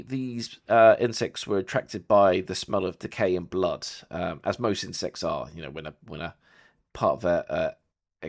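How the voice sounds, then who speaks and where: A man acting as game master, explaining rules and scenes loosely with many fillers. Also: sits low. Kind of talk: narrating a tabletop game.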